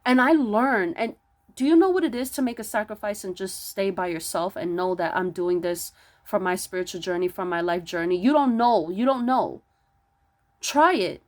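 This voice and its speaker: A woman delivering an impassioned spiritual monologue, preachy and emphatic, stumbling over restarts and pushing into near-yelling rhetorical questions. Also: medium pitch, normal speed. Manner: stammering restarts. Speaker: spiritual vlogger.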